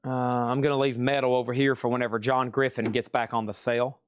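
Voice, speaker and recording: A man hosting a live-streamed record auction, calling bids and sales in a fast, chatty, upbeat patter. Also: mid-range voice, flat delivery, clean tone.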